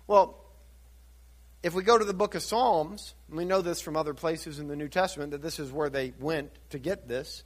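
A man's voice: fairly high pitch, normal speed. A man preaching a sermon, teaching through scripture with rhetorical questions and building to fervent emphasis. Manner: asks rhetorical questions and answers them. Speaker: pastor.

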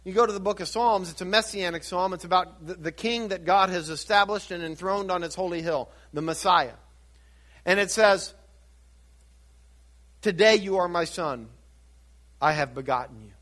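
Man, pastor, sermon, high voice, rhetorical questions, rising fervor. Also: normal speed, pauses often. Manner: builds from quiet teaching to rising fervent emphasis; asks rhetorical questions and answers them.

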